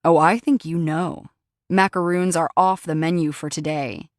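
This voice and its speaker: A woman's voice: sits low, fairly even intonation, moderate pace, dry recording, clean studio sound, lightly acted. A woman reading the lines of a cocky young man who teases his girlfriend, in a storybook reading. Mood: teasing. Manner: teasing, playful.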